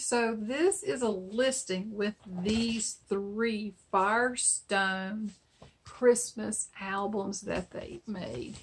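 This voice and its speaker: A woman's voice: mid-range voice, husky. A middle-aged woman, chatting casually as she shows vintage items for sale and tells a story with lots of laughter. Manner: chatty, laughs while telling stories. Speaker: online vintage seller. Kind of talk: casual product showcase and storytelling.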